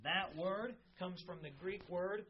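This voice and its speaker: A woman's voice: lowish voice, measured pace, a little hiss or hum. A woman pastor preaching a sermon in an earnest, conversational way, reading scripture aloud and correcting herself as she goes. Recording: dull lo-fi sound.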